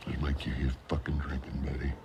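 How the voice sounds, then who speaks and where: A gruff, bitter older brother in a film drama. His voice is extremely low and thick with gravel. He spits out harsh, cursing words. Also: completely flat delivery, a little fast, a crowd in the background. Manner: harsh, swearing outbursts.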